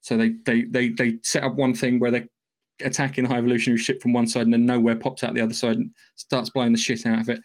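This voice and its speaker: A man's voice: medium pitch, level tone, fast. A man hosting a podcast, giving a loose, profane, rambling recap of a film's plot in casual chat. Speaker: podcast host.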